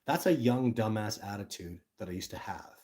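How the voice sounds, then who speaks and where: A middle-aged man hosting a casual livestream, talking to viewers in an energetic, rambling way and often breaking off mid-sentence. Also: fairly low pitch, moderate pace. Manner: energetic, rambling, self-interrupting. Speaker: livestream host, Sasquatch researcher. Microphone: phone camera.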